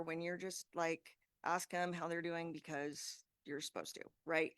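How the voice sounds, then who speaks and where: A woman's voice: on the low side, a bit bright, smooth, no room sound, clean studio sound. A woman in her thirties giving an informal presentation to a group, talking casually and conversationally with frequent fillers. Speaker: safety talk presenter.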